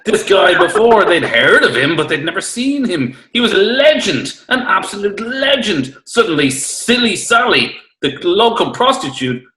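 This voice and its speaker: A man's voice: high voice, animated, moderate pace, hardly any pauses, bright, forceful tone, reverberant. A man narrating an improvised comic story in a mock storybook manner over a video call. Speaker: improv performer.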